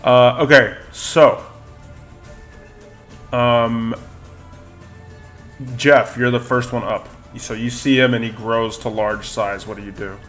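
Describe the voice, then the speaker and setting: A man running a tabletop roleplaying session at a slow, deliberate pace, pausing often with ums and uhs as he paints each room. Faint music plays underneath his narration. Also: medium pitch, steady tone, a bit bright. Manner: unhurried, with frequent ums and uhs while describing. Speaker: dungeon master.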